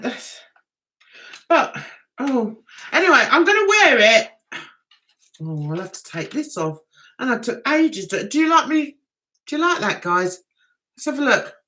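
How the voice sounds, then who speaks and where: A woman's voice: sits high, pushed and bright. A woman hosting a casual livestream, chatting to her viewers in a rambling, giggly way.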